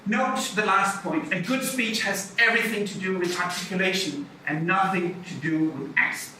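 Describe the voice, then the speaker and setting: A middle-aged man, a university lecturer, talking lively and chatty about public speaking, moving around as he talks. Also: high-pitched, normal speed, slight background noise. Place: lecture hall. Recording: echoey hall, mic from far off.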